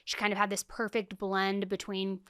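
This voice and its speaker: A young woman talks through a true crime case like she is chatting with a friend, emphatic and openly indignant. Her voice is smooth and clean. The sound is dry and close to the mic. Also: medium pitch, completely flat delivery, normal speed, a bit bright, no echo. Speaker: true crime podcast host. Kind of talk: casual true crime commentary.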